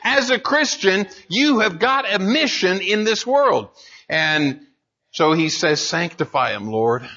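Guy preaching a sermon, kinda high bright voice, earnest, restarts a lot, muffled lo-fi recording. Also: lively intonation, takes it slowly, husky. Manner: earnest preaching with rising emphasis and repeated restarts. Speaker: pastor.

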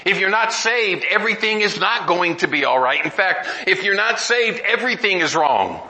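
A man's voice: high-pitched, animated, moderate pace, pushed and bright, low-quality recording. A middle-aged man preaching a sermon, earnest and emphatic, often restarting and climbing to exclamations.

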